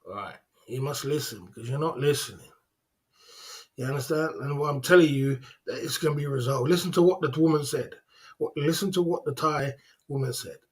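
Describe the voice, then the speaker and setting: A man's voice: on the high side, brisk, a little mellow, slightly rough. Insistent man ranting to chat. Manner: repetitive, insistent, scolding. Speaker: livestream host. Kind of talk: casual livestream rant to chat.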